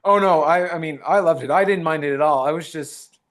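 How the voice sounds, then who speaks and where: A man's voice: a little high, fairly quick. A man, an actor, talking modestly in a casual interview and retelling fan encounters with quoted dialogue. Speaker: actor guest.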